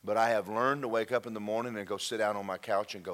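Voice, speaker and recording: A man preaching a sermon, telling an emotional testimony that drops to near-whispers and then rises loud. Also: on the low side, fairly even intonation, fast talker. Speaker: pastor.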